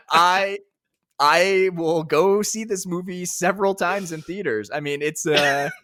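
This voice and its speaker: A man co-hosting a casual gaming podcast, enthusiastic and quick to laugh. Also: high-pitched, sharp tone, dry recording, studio quality. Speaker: podcast co-host.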